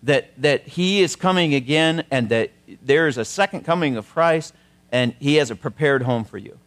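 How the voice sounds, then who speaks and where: A man's voice: medium pitch, normal speed. Guy pastor giving a sunday sermon in church, chatty, reads verses, ordinary middle voice. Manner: conversational preaching, reads scripture aloud, drops softly into prayer. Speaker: interim pastor. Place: church sanctuary.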